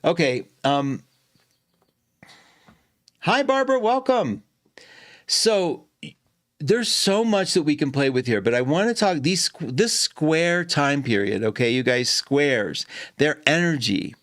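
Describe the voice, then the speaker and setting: A man's voice: fairly high pitch, big pitch swings, takes it slowly, pauses often, a bit bright, no echo, clean studio sound. A man hosting a live astrology stream, chatting playfully with viewers and greeting them by name.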